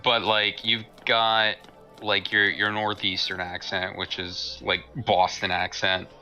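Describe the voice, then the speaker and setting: An easygoing man chats on a game stream. His pitch runs low, yet his tone is sharp and bright. Soft music plays in the background. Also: flat delivery. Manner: easygoing, does quick accent imitations. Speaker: stream co-host. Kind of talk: casual chat on a game stream.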